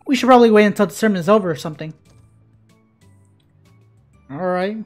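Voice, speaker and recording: A woman's voice: mid-range voice, fairly quick, soft background music. A woman giving let's play commentary, exclaiming and swearing jokingly at the game. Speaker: gaming YouTuber.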